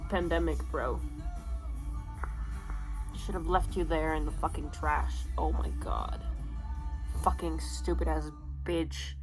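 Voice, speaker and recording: A young woman vlogging her reactions to a book, emotional and swearing freely, moving between loud outbursts and low muttering. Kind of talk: casual reading vlog reaction.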